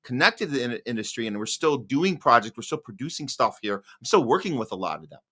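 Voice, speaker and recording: A man hosting a live political podcast, with a bright, forceful voice. He asks long, earnest questions, circling back and restarting as he goes, in easy casual chat. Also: medium pitch, big pitch swings, fast. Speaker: podcast host. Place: Hollywood.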